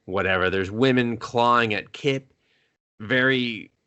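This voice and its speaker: A man's voice: mid-range voice, measured pace, clear, resonant tone. A man co-hosting a movie review podcast, chatting casually and profanely, laughing often as he recaps scenes. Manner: laughing, animated, swears freely.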